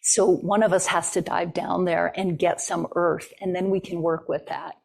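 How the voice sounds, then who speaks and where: A woman's voice: fairly low pitch, steady tone, moderate pace, creaky, darkish tone, husky. A woman voicing a male trickster figure, the first human, in a spoken storytelling talk, in an earnest questioning manner. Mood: resolute.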